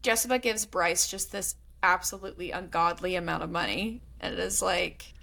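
A woman co-hosting a book podcast, talking casually with many fillers and quick asides. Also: lowish voice, steady tone, gravelly, sharp tone. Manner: fast, filler-heavy chatter with lots of "like". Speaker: podcast co-host.

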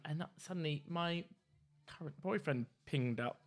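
Gossipy man, slightly high voice. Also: normal speed, faint music behind. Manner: camp, gossipy storytelling with frequent laughs. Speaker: podcast co-host. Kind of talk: casual chat.

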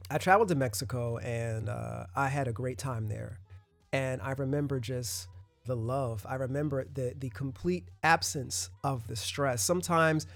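A man from the United States hosts a solo podcast in a relaxed, rambling way, often restarting his sentences. His voice has a gravelly edge, and the small room sounds dry and close. Faint music plays underneath. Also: mid-range voice, moderate pace, no room sound. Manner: loose and conversational, many restarts and asides. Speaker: podcast host. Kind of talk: casual solo podcast monologue.

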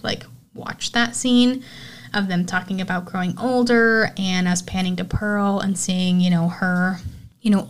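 A woman in a casual podcast recap, gushing about her favorite scenes. Her voice sits at an ordinary middle pitch. She rambles, swears and fills gaps with "like" and "you know". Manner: enthusiastic, chatty, swears, many fillers. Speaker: horror podcast host.

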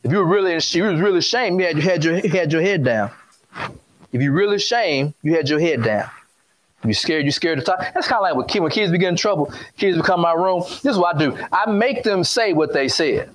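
A man's voice: fairly high pitch, lively intonation, fast talker. Man preaching a conversational sermon. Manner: conversational, repetitive, call-and-response with congregation.

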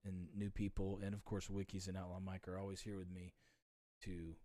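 A young man hosting a casual podcast, friendly and relaxed, greeting viewers and thanking his guest. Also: low-pitched, brisk, no echo. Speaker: podcast host.

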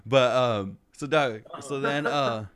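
A man's voice: medium pitch, takes it slowly, crowd noise. A man hosting a casual podcast, telling a crude story with lots of swearing and laughter. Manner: laughing, swearing, quoting others in raised voice. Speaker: podcast host.

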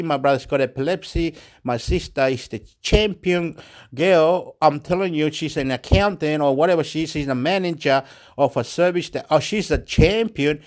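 A man's voice: a little high, normal speed. A man talking in a rambling, repetitive and emotional monologue to camera.

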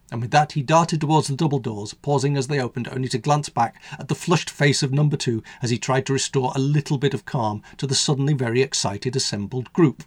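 Male radio storyteller, husky, wry, dry studio read. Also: mid-range voice, fairly quick, few pauses, no echo. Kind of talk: storybook narration.

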